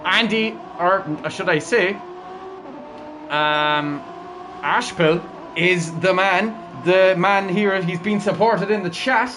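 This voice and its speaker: A man's voice: sits high, takes it slowly, over music. A young man, streaming live and commentating a racing league in an upbeat, chatty way, talking to his chat.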